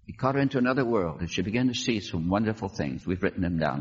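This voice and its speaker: Talking fast with a breathy edge, this man preaches a sermon story on dull-sounding audio. He plays it dramatically, imitating the people in the story through big jumps in pitch.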